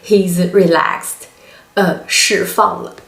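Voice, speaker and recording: A woman with a Chinese accent gives a language lesson, explaining slowly with lots of pauses and hesitations. Her voice sits on the low side, steady and a bit bright, and the room is echoey.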